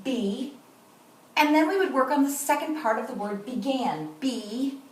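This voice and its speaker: A woman teaching kindergarten, who talks slowly and clearly to young children and sounds out and repeats words. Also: high voice, expressive, darkish tone. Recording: roomy echo, voice from a distance, faint noise.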